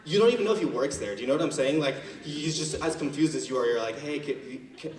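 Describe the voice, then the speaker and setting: A man's voice: fairly high pitch, expressive, fast talker. A young man performing a stand-up comedy set as a student, telling stories casually and acting out the people in them. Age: young adult. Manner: casual storytelling, acting out quoted characters. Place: university auditorium stage. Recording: roomy hall, mic far off, loud crowd. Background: laughing audience.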